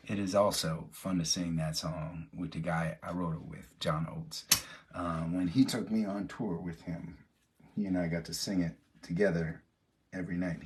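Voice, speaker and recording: A singer-songwriter man hosting a live stream, chatting casually and ramblingly with viewers between songs, over his acoustic guitar. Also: fairly low pitch. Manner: relaxed, rambling, talks to viewers by name.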